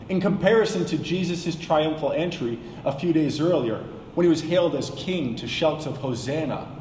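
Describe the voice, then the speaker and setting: A man preaching a sermon, dramatic and rising to shouts when he quotes a crowd. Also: fairly high pitch, a little hiss or hum. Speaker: pastor. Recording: echoey hall with long reverb.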